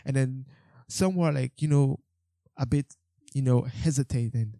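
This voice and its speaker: A man's voice: mid-range voice, a little slow, gravelly, mellow, dry recording, clean studio sound. A young man telling a story about his street photography in a casual, rambling way, with lots of fillers, restarts and some swearing. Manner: swears when exasperated.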